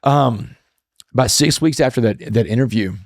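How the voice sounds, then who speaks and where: A man's voice: mid-range voice, moderate pace, no echo, clean studio sound. A middle-aged man telling a personal story as an interview guest, earnest and emotional, often repeating his words.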